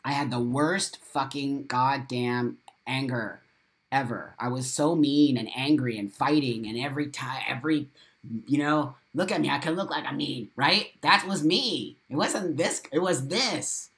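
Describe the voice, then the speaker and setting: A man's voice: medium pitch, a little slow, a bit bright. Middle-aged guy hosting a live stream, swears a lot, lectures straight at you, says things twice to hammer them in. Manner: blunt, profane, preaching rant; repeats phrases for emphasis. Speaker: host of a live morning show. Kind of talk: live video monologue.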